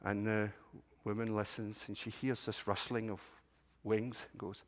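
A man's voice: on the low side, little pitch movement, a little slow. Man telling a story in a sanctuary. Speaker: children's storyteller at a church service. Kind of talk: storytelling to a congregation. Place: church sanctuary. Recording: long reverb of a large room.

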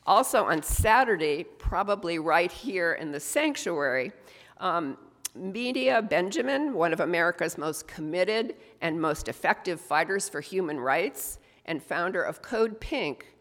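Woman giving church announcements, lower voice. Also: expressive, a little slow, fairly bright tone. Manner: conversational, with frequent "um"s. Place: church sanctuary. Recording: long reverb of a large room.

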